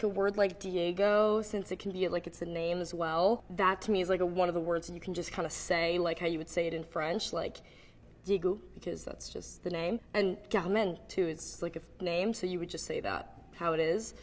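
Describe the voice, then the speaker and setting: A woman's voice: on the low side, long reverb tail. A woman casually explaining how to do a French accent in a chatty way, with frequent "like" fillers. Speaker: actor doing a surprise accent showcase.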